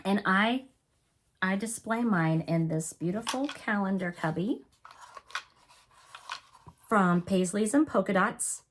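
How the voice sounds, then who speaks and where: A woman's voice: mid-range voice, takes it slowly, long pauses, a little hiss or hum. A woman hosting a cross-stitch video, chatting casually with a cough and a sore throat, often apologizing and gushing over her finishes. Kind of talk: casual show-and-tell chat.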